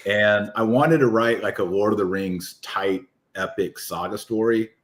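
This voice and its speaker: A man with a deep voice, talking as an author guest in an enthusiastic, rambling podcast chat. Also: fairly even intonation, measured pace. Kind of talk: casual podcast conversation.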